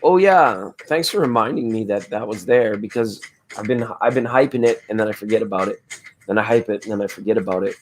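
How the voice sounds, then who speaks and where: A man with a hoarse voice hosting a laid-back late-night tarot livestream, chatting with viewers in a rambling, spiritual way. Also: fairly low pitch, a little fast, a little hiss or hum. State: hoarse from screaming at a football game. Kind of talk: casual late-night chat reading viewer comments.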